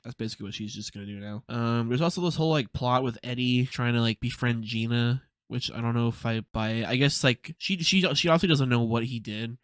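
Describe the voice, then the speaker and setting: A man's voice: mid-range voice, fast, hardly any pauses, no echo, studio quality. A young man casually recapping a TV episode, rambling with lots of fillers and swearing freely. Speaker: TV episode reviewer.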